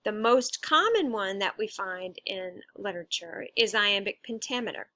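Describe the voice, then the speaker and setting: A woman's voice: mid-range voice, expressive, moderate pace, bright, forceful tone, no echo. A woman teacher patiently explaining a lesson, stressing syllables as she goes. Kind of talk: recorded instructional lesson.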